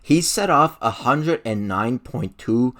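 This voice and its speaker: A man's voice: mid-range voice, animated, slow pace, fairly bright tone. A young man hosting a hockey podcast in casual chat, laid-back and hesitant with many fillers. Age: young adult. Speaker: podcast host.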